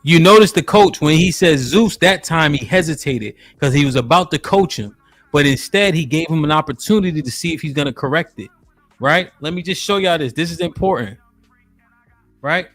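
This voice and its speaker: A man's voice: on the high side, expressive, normal speed, a bit bright, faint music behind. A man hosting a live stream, talking casually and greeting chat viewers by name while he breaks down a video. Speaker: streamer host reacting to a video.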